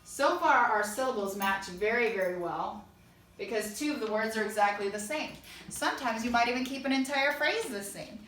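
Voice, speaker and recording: Bright-voiced woman teaching songwriting. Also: fairly high pitch, moderate pace, a little hiss or hum. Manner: explains step by step, sings short lines to check. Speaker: music teacher. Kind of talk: online songwriting lesson. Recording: echoey room, a bit far from mic.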